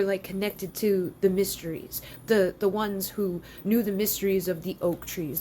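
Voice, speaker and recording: A woman leading a live ritual as a tarot reader, chanting slow rhythmic invocations and then ranting casually with lots of swearing. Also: medium pitch, darkish tone, a little hiss or hum.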